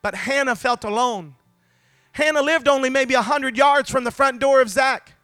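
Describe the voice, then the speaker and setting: A man preaching a sermon to a congregation, fervent and building to shouted climaxes, calling out to the listeners. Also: extremely high pitch, normal speed, clear, resonant tone, dry recording, clean studio sound, soft background music. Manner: calls out to the congregation.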